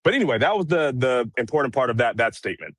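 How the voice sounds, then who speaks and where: A man's voice: medium pitch, very animated, fast talker, a bit bright, no echo. Conversational man, dry close sound. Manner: conversational, many fillers. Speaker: guest commentator. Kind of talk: casual conversation.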